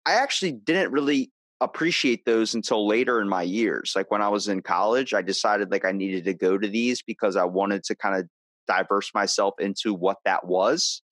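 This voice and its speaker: Podcast host, male, low-ish pitch, dry sound, loose rambling storyteller. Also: normal speed, a bit bright, no room sound. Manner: rambling storyteller, restarts and retells plots. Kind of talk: casual chat.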